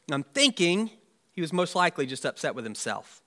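A man's voice: on the high side, lively intonation, fast talker, bright, forceful tone. A man, a pastor, preaching an Easter sermon in a conversational, musing way with rhetorical asides.

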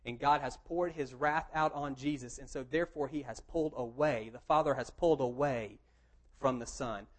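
A man's voice: medium pitch, moderate pace, poor audio. A man preaching a sermon, reading scripture aloud and then explaining it in a plain, conversational tone. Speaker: pastor.

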